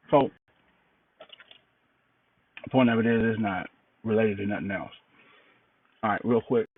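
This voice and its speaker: A tired middle-aged man giving a plain-spoken, halting update in a casual video diary. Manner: low-key, plain-spoken, halting with fillers. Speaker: cancer patient sharing an update. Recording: distant, phone-like, noisy recording.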